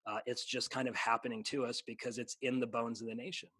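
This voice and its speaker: A man's voice: mid-range voice, level tone, fast talker, pushed and bright, breathy edge, no echo. Earnest man talking like a preacher. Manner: earnest, preachy, with many restarts. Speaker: pastor. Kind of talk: casual chat.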